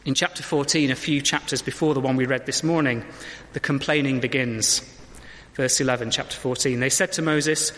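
A man's voice: medium pitch, fairly even intonation, normal speed, a bit bright, big-room sound. A man giving a conversational sermon in a church, reading scripture and asking the congregation questions. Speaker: preacher.

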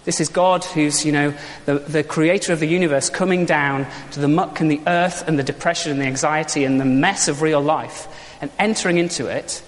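A man delivers a sermon in a relaxed, conversational manner and leans on rhetorical questions. His voice sits a little on the high side. The sound carries a long reverb from a large church. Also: a little fast, hardly any pauses. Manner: informal, conversational, uses props and rhetorical questions. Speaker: preacher.

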